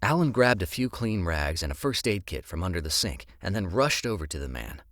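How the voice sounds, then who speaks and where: A man narrating an audiobook in an expressive storytelling manner. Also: deep voice, a little fast, no room sound, studio quality.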